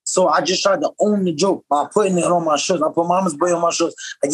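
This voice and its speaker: A man from upstate New York talks quickly and loosely, full of slang, as he tells his story on a podcast. His voice is high for a man and has a husky grain to it. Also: poor audio. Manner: fast, slangy, animated storytelling. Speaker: podcast guest, professional boxer. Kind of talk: casual storytelling.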